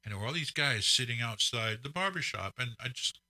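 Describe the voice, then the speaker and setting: A middle-aged man co-hosting a casual chat, recalling the past in a measured, reflective way. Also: medium pitch, expressive, bright, forceful tone, dry recording. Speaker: co-host.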